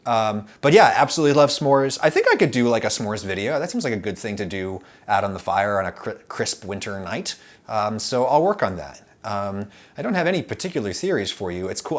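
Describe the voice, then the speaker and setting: A man hosting a casual food chat, rambling and animated with lots of fillers and restarts. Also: on the low side. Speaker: food YouTube host.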